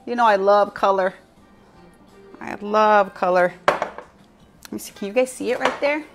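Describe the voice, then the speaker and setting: A woman's voice: medium pitch, a little slow, over music. A woman hosting a casual live cooking show, chatty and giggly, talking to her viewers with a piece of bread in her mouth.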